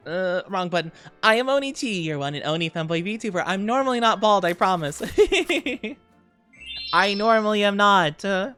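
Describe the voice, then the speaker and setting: A man's voice: high voice, bright, forceful tone, smooth. Playful, sweet-voiced male streamer. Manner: playful, mock-offended teasing; sweet, caring greetings to viewers. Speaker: VTuber streamer. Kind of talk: casual livestream chat.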